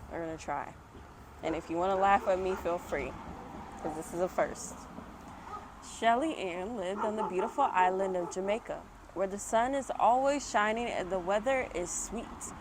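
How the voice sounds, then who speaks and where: Woman, mother, reading aloud, chatty, self-mocking, mid-pitched, dogs faintly barking. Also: measured pace, noisy background. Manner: chatty asides, laughs at herself. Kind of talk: reading a picture book aloud. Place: home. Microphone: external microphone.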